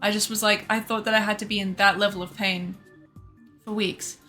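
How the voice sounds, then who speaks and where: A woman streamer casually telling her chat a story, animated and laughing often, acting out what others said and swearing freely. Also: mid-range voice, fairly quick. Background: faint background music.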